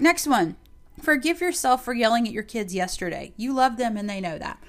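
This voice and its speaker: A young woman and mother talking casually to camera, giving emphatic, animated pep talks to other moms. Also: sits high. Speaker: mom giving advice to mothers. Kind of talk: casual motivational talk to camera.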